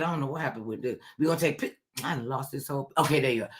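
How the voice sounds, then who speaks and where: A woman radio host telling a family story with lively, animated delivery, acting out the voices of relatives. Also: low voice, very fast, hardly any pauses. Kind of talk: storytelling on a talk show.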